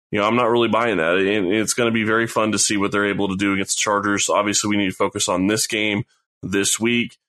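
A man co-hosting a sports podcast, breaking down a game in a measured, deliberate, casual way. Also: fairly low pitch, a bit bright. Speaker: podcast co-host.

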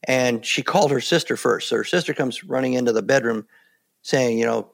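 An older man with a gravelly, fry-edged voice talks through his experiences in a calm, matter-of-fact way. He sounds like a seasoned interview guest, unhurried and plainspoken, settling into each story at an easy pace. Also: medium pitch. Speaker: guest, former Navy SEAL. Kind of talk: casual interview talk.

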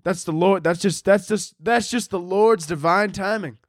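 A man's voice: high voice, moderate pace, no echo, clean studio sound. A man hosting a podcast alone, rambling casually and mocking himself with plenty of swearing. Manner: rambling, profane, self-mocking. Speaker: podcast host. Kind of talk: casual solo chat.

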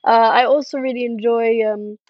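Young woman on a video call, kinda high voice, dry muffled sound, lots of ums and laughs. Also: fairly even intonation, normal speed, no echo. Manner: friendly, hesitant with many fillers, laughs often. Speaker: karting driver guest. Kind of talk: casual interview answers.

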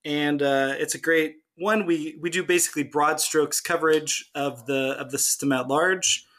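Bright-voiced joking podcast host, man. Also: a little high, steady tone. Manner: joking, quick asides and laughs. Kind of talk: casual chat.

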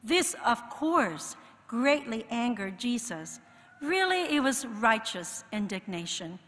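A woman preaching a sermon in an expressive way, rising for emphasis and dropping to soft asides. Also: on the high side, takes it slowly, big-room sound.

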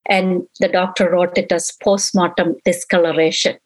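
A middle-aged woman, a grieving mother, slowly and emotionally recounting events in an interview and quoting what others said to her. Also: on the low side, little pitch movement, low-quality recording.

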